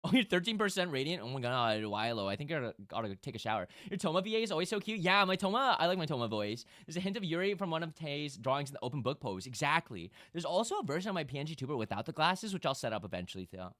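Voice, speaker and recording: A man streaming live, chatting casually with his audience and breaking into loud bursts of laughter. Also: a little high, very animated, fast, hardly any pauses, no room sound, studio quality.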